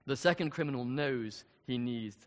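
A man's voice: mid-range voice, normal speed. A man preaching a sermon, speaking earnestly and building to emphatic questions. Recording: long reverb of a large hall.

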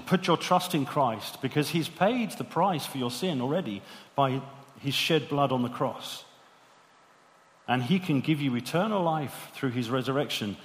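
Male preacher, mid-pitched, earnest sermon delivery, long hall reverb. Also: expressive, unhurried. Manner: earnest, many rhetorical questions.

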